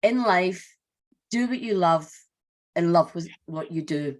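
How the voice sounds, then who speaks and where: A woman's voice: lowish voice, expressive, a little slow, darkish tone. Earnest, emotional woman on a video call. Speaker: award recipient. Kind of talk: inspirational speech.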